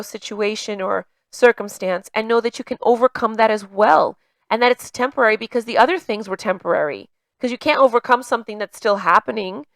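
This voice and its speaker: A woman's voice: on the high side, a bit bright, dry recording. A woman coaching in a casual talk, with a slight stutter that makes her repeat words mid-sentence. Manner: conversational, many fillers like "you know" and "like". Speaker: emotional intelligence coach.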